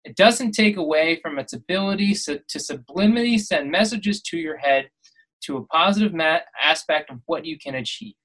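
A man's voice: fairly high pitch, lively intonation, moderate pace, a bit bright, low-quality recording. A man hosting a podcast, delivering a preachy motivational monologue that builds to emphatic, exhorting peaks. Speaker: podcast host.

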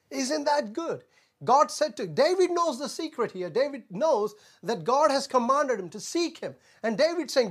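A man preaching a sermon as a pastor, earnest and repetitive, often saying "Amen" and stumbling on fillers. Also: very high voice. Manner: stumbles on filler sounds when searching for words.

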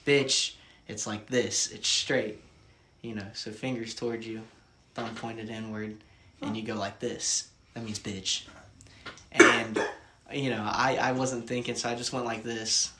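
A young man co-hosting a podcast, telling school stories in a casual, animated way, laughing often and swearing freely. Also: lowish voice, unhurried, a little hiss or hum. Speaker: podcast co-host. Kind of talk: casual chat.

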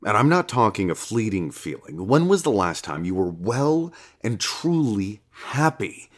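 A man's voice: low-pitched, big pitch swings, unhurried, a bit bright, full character voice. A man voicing a laid-back, foul-mouthed male God who talks like a casual bro, coaxing and swearing freely. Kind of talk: audiobook character reading.

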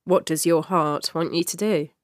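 A woman's voice: lowish voice, steady tone, normal speed, dry recording, natural voice. Woman playing a sly young street vendor. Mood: teasing. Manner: teasing, cryptic.

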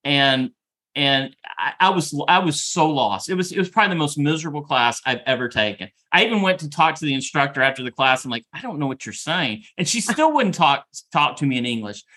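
A middle-aged man co-hosts a podcast in casual chat, his voice a little high, animated, brisk, bright and forceful. He rambles and keeps repeating words as he talks.

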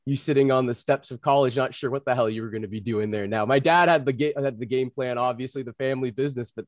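Relaxed young male host, dry sound. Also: mid-range voice, fast talker, no echo. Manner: relaxed, chummy. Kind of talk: casual interview hosting.

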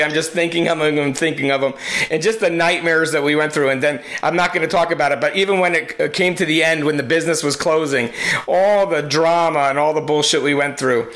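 Middle-aged New Jersey host, bright, forceful voice, laughs easily. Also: male voice, fairly high pitch. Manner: warmly encouraging, laughs often. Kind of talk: casual conversation.

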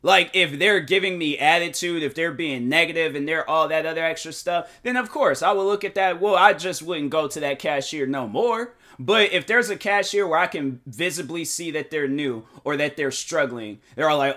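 A man hosting his own podcast, talking in a casual motivational monologue, animated and defensive, full of fillers and restarts. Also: a little high, normal speed, few pauses. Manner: defensive, emphatic. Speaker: podcast host and YouTuber. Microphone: desk microphone.

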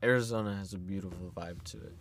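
A man's voice: deep voice, fast, fairly bright tone. A young man co-hosting a podcast, talking loosely and rambling, filling his sentences with "like.". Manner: loose rambling talk, full of "like". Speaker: podcast co-host. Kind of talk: casual chat.

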